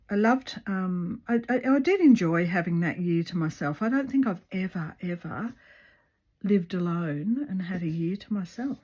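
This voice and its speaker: A woman's voice: medium pitch, a little mellow, breathy edge. A woman chatting casually at home while she stitches, rambling along with lots of ums and restarts. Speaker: craft video maker. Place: her home.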